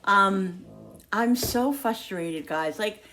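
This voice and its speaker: A woman talking casually to the camera in her home kitchen, chatty and quick to vent when annoyed. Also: medium pitch, a little hiss or hum. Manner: chatty, animated, prone to exasperated venting. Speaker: home cooking vlogger.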